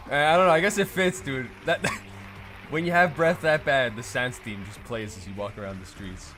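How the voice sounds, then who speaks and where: Excitable young-sounding male stream host. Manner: excitable and joking, swearing, lively pitch swings. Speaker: race host and interviewer. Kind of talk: live-stream podium interviews. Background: music.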